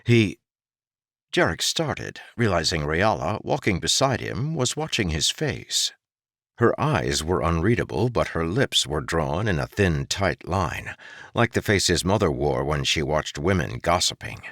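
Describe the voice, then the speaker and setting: A man reads a fantasy audiobook in a very low voice. His delivery moves expressively up and down as he tells the story. The studio sound is close and dry. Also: very animated, unhurried, fairly bright tone, no echo. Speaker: audiobook narrator. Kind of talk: scripted fantasy audiobook narration.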